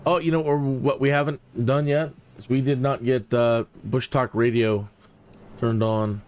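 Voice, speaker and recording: A man's voice: medium pitch, steady tone, a little slow, a little mellow. A man streaming a flight game, chatting in a rambling, jokey way with many fillers. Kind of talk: casual live-stream commentary.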